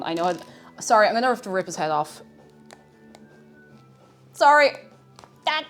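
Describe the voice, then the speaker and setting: A woman's voice: medium pitch, sing-song, moderate pace, a bit bright. A young woman, chatting casually on a live stream and gushing over a cute figurine. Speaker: livestreamer. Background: faint game music.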